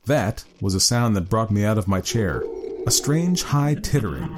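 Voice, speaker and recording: A man narrating a dark story in a hushed, measured, ominous way. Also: on the low side, expressive, background noise.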